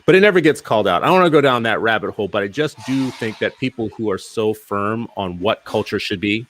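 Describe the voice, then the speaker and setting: A man's voice: lowish voice, expressive, fast, a bit bright. A male podcast host in casual interview conversation, talking emphatically and firing off rhetorical questions.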